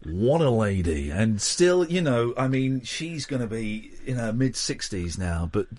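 A man's voice: medium pitch, expressive, unhurried, darkish tone. A man hosting a late-night radio chat show, chatty and jokey. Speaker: radio host.

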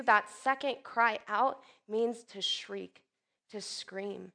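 A woman preaching a sermon, expressive, swinging from loud emphatic lines to soft hushed ones and acting out quoted speech. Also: medium pitch, takes it slowly, creaky. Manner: acts out quoted speech with sudden bursts.

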